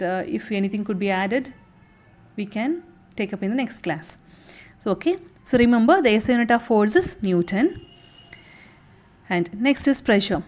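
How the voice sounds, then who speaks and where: A woman's voice: medium pitch, darkish tone. A young woman teaching an exam revision lesson, explaining step by step and checking in with a frequent "okay".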